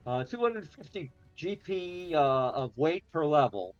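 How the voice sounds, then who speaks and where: Man, tabletop player, deliberate, rule-checking, lo-fi call audio, slightly high voice. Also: lively intonation, faint music behind. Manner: deliberate, checking rules step by step. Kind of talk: casual game talk.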